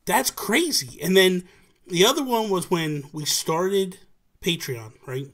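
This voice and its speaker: A man with a high-sitting voice hosts a casual live talk show over a video call, taking his time. He tells stories with animation, acting out what people said in a livestream-chat style.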